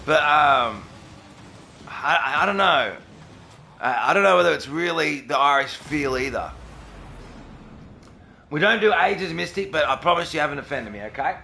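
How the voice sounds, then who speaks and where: A man's voice: a little high, lively intonation, moderate pace, creaky, long pauses, bright, forceful tone, slight background noise. A young Australian man with an Australian accent, chatting casually with viewers on a livestream and answering them by name. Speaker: streamer.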